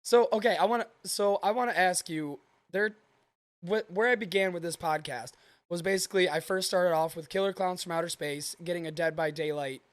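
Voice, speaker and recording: Male podcast co-host, high voice, dry close mic, relaxed storyteller. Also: a little fast, dry recording. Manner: chatty, relaxed, tells anecdotes. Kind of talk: casual gaming podcast chat.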